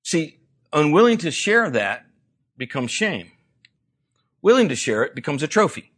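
A man's voice: fairly high pitch, sing-song, measured pace, fairly bright tone, husky. A male pastor preaching a sermon, telling a personal story with dramatic swings, then leading a fervent prayer full of repeated words. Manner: repeats words when building intensity.

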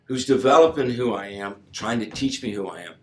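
A man telling a personal faith story in casual conversation, emphatic and informal, his voice swinging from loud to hushed. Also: mid-range voice, animated, fairly quick, reverberant. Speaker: guest sharing a personal testimony.

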